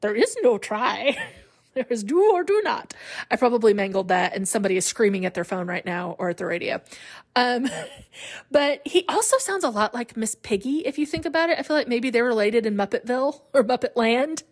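A woman's voice: a little high, brisk. A woman hosting a podcast, talking casually on her own, chatty and often laughing. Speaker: podcast host. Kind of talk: casual solo podcast monologue.

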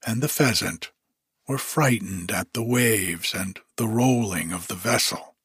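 A man reading a folk tale aloud in steady scripted storybook narration. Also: medium pitch, husky, no room sound, clean studio sound. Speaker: audiobook reader.

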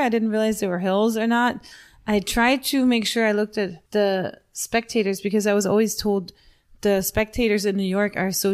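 A woman in her forties co-hosting a podcast, telling a race story in casual chat and laughing at herself. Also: medium pitch. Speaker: podcast co-host.

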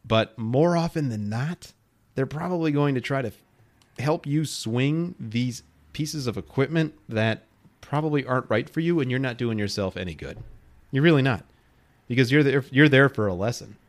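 A man's voice: mid-range voice, normal speed. A man in his late thirties hosting a podcast, talking straight to his listeners in an emphatic, persuasive way. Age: 30s. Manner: emphatic, animated, addresses listeners directly. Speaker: podcast host. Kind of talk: solo podcast talk.

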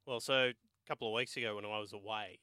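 A man's voice: on the low side, fairly even intonation, fast, sharp tone, clean tone, no room sound, studio quality. A man co-hosting late-night sports radio, explaining things and giving stats in a matter-of-fact way. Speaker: radio co-host. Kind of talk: casual sports radio chat. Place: radio studio.

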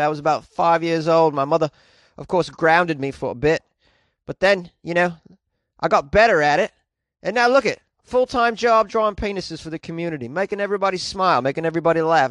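A goofy, self-satisfied prankster rambles on about his own antics, as a man puts him on. His voice is a touch high and sounds a little unlike the speaker's usual tone. The recording is dry and close. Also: brisk, fairly bright tone, no room sound, lightly acted. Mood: smug. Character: cheerful dim man, proud street graffiti prankster.

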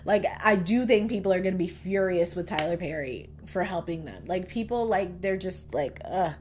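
A woman's voice: fairly low pitch, animated, moderate pace, darkish tone, a little hiss or hum. A young adult woman hosting a podcast, giving a blunt, casual stream-of-consciousness review full of fillers and laughter. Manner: blunt, chatty, swears freely; filler-heavy with frequent laughs. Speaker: podcast host.

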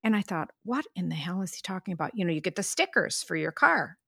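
Chatty older woman with a gravelly voice. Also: fairly low pitch, sing-song, fast, sharp tone, no room sound, clean studio sound. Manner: chatty storyteller, exclaims, laughs. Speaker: podcast co-host, mother. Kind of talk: casual family chat.

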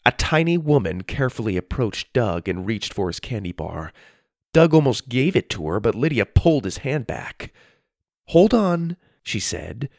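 Deep, gravelly male storyteller. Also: moderate pace, dry recording, studio quality. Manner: expressive, storytelling reading. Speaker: narrator. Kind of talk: scripted storybook narration.

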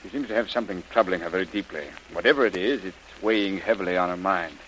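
An actor playing a concerned middle-aged governor, measured and paternal with hesitant pauses, in a hissy old radio drama. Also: male voice, low voice, a bit bright, rough recording. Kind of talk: 1930s radio drama acting.

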